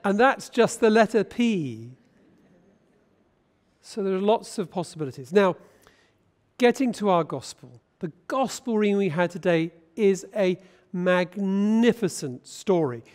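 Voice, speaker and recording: A man's voice: high-pitched, animated, a little slow, darkish tone. A man with a British accent preaching a sermon as a bishop in a church, talking conversationally and putting questions to the congregation.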